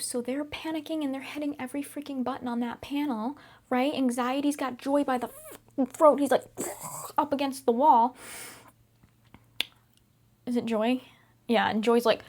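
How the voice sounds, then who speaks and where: A woman's voice: a little high, darkish tone. A young woman hosting a casual self-help talk, chatty and upbeat, laughing often and sometimes dropping to a whisper. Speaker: podcast host.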